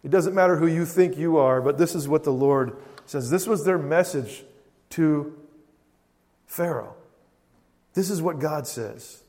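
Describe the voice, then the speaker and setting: A man with a voice on the high side preaches earnestly and unhurriedly, leaving long pauses, his sound filling a large room. He alternates quiet stretches with loud proclamations and repeats phrases to drive them home.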